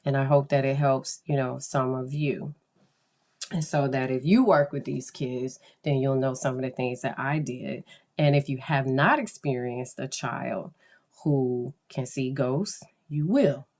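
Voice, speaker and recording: A woman's voice: rumbling low, measured pace, a little mellow. A woman psychologist hosting her podcast in casual, chatty talk, often acting out the voices of people she quotes.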